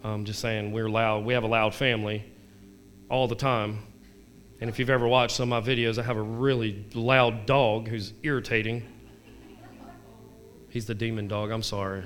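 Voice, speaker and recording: A man's voice: mid-range voice, fairly bright tone. A married man giving a casual devotional talk. He reads scripture aloud and makes candid, self-deprecating asides and direct questions to his listeners. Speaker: devotional vlogger.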